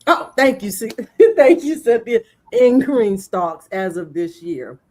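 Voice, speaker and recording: A woman with a mid-pitched voice talks slowly and easily on a gardening livestream. She chats casually with the other hosts and chuckles now and then. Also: very animated, a little mellow. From Maryland. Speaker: livestream co-host. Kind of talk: casual chat.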